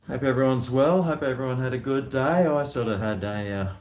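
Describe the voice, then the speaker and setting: A man's voice: mid-range voice, normal speed, creaky, slight background noise. A man, hosting a casual home livestream, tired and rambling with many fillers and restarts. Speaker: livestream host. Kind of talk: casual livestream chat while drinking.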